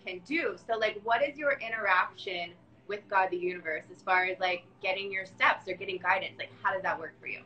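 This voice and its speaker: A woman with a bright, sharp-edged voice interviewing a friend. She asks her questions casually and warmly, with plenty of filler words. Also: medium pitch, fairly quick, hardly any pauses, dull audio. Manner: friendly, laughing easily, filler-heavy questions.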